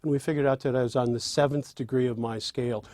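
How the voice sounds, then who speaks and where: A man teaching songwriting in a spoken lesson, demonstrating by speaking and singing lines in an animated way. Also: medium pitch, fast, no echo. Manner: animated, with restarts. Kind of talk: spoken lesson with sung examples.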